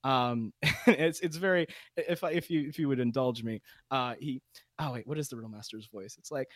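Young male podcast guest, casual and laughing, mid-pitched voice, dry close recording. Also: moderate pace, no echo. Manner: chatty, laughing, many restarts. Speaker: podcast guest, game master. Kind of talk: casual chat.

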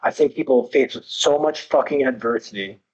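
A man's voice: mid-range voice, brisk, darkish tone, highs cut off. A man talking as a podcast guest, intense and emphatic, swearing heavily while he talks candidly about growth. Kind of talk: candid motivational talk.

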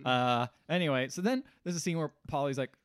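A man's voice: a little high, brisk, dry recording, clean studio sound. A man co-hosting a podcast, recapping a film in loose, casual chat, laughing often and swearing freely.

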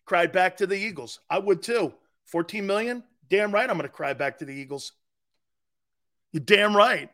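A man's voice: high voice, sharp tone. A man hosting a live football talk show, blunt and mocking. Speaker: sports talk show host. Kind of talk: live sports radio talk.

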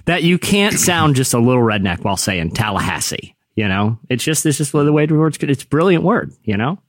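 Animated guy host cracking jokes, dry close studio sound. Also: mid-range voice, fairly quick, no room sound. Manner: playful, jokey riffing. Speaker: podcast host. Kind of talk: casual chat.

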